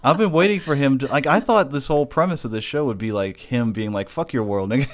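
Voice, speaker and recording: A man's voice: mid-range voice, lively intonation, fast talker, lo-fi sound. A young man co-hosting a casual anime discussion, joking profanely and acting out the characters' lines. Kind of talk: casual chat.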